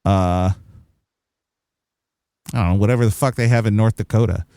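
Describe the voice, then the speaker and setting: A man's voice: on the low side, normal speed, gravelly, dark tone, smooth, no echo, studio quality. A young man with a Californian accent, co-hosting a casual movie review podcast, rambling, laughing and swearing now and then. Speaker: podcast co-host.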